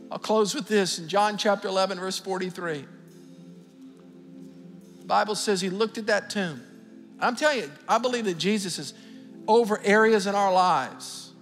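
A middle-aged male pastor preaching with fervent energy, his voice sitting high for a man. He calls out to the congregation as he speaks. The sound rings with a long hall reverb, and faint music sits underneath. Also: fairly bright tone. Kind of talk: sermon.

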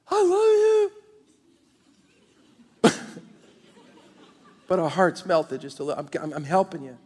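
A man preaching a sermon as the pastor, talking straight to his congregation in an animated, lively way. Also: a little high, gravelly. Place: large church auditorium. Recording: long hall reverb.

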